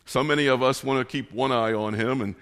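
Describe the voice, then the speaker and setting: A man preaching a casual sermon, telling a personal story in a relaxed, self-deprecating way. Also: mid-range voice, a little fast. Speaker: pastor. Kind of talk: conversational sermon with personal anecdotes.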